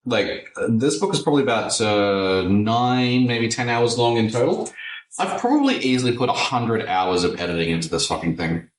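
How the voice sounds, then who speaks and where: A man's voice: mid-range voice, lively intonation, normal speed, roomy sound, recorded from a distance, poor audio. A man, a tattoo artist, chatting casually and animatedly, swearing freely with lots of fillers. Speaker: tattoo artist and podcast host. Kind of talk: casual chat.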